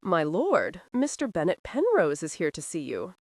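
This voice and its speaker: A woman's voice: on the low side, huge pitch swings, moderate pace, darkish tone, no room sound, clean studio sound. A woman voicing a fussy, very old male housekeeper who speaks in a prim, reproachful, formal way in an audiobook.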